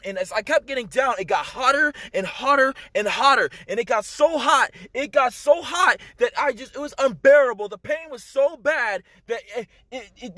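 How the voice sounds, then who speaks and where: A man's voice: very high voice, bright, forceful tone, no room sound. A man urgently telling a personal testimony to the camera, emphatic, with many fillers and direct appeals to the listener. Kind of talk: emotional first-person storytelling.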